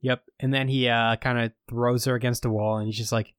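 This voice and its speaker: A man's voice: medium pitch, flat delivery, a little fast, clear, resonant tone, no room sound. A man casually recaps a show episode, rambling through the plot with frequent fillers. His voice sits in a plain middle register and sounds dry and close, with no room around it. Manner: rambling storytelling with many fillers. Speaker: podcast co-host recapping a show.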